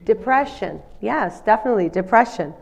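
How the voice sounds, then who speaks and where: A woman counsellor speaks to a live audience, her voice nasal from a cold. She keeps a friendly, conversational tone and often checks in with the listeners. Her pitch sits in a medium range. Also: animated, moderate pace, gravelly, darkish tone. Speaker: counsellor giving a community presentation. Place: community centre in front of an audience.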